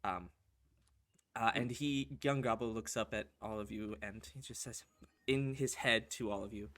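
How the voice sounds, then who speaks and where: A man's voice: lowish voice, moderate pace, fairly bright tone. A man narrating a tabletop game as game master, casual and full of fillers.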